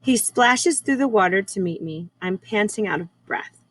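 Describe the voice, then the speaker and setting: A woman teacher reading a novel aloud at a measured, unhurried pace, with occasional small slips. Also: mid-range voice, lively intonation, fairly bright tone, rough recording. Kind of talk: read-aloud chapter book narration.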